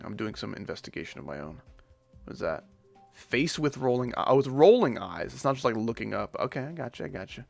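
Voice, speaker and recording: A young man rambles through a casual livestream, joking loosely and leaning on "dude" and "like". His voice sits at a middle pitch with a gravelly edge. Soft music plays faintly behind him. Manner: rambling, jokey, says "dude" and "like" often. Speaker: streamer.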